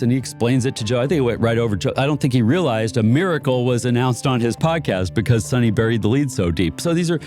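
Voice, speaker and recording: A man's voice: medium pitch, animated, quick pace, hardly any pauses, darkish tone, soft background music. A man being interviewed about inventors, telling stories in a loose, chatty way with frequent laughs and restarts. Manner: chatty, laughs often, many fillers and restarts. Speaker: guest who supports inventors. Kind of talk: casual storytelling chat.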